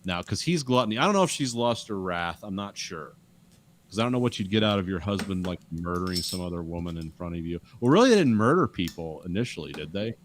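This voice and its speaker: A man's voice: low voice, sing-song, quick pace, a little hiss or hum. A man in casual podcast chat, rambling with restarts and acting out quotes from a show. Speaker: podcast co-host.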